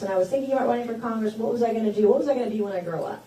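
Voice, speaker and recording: A woman's voice: on the high side, rapid-fire, mellow. A woman in her forties gives a campaign stump speech, telling folksy personal stories that build to rousing declarations. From South Carolina. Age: 40s. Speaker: politician at a campaign town hall. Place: event hall with an audience. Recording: echoey hall, voice caught from a distance.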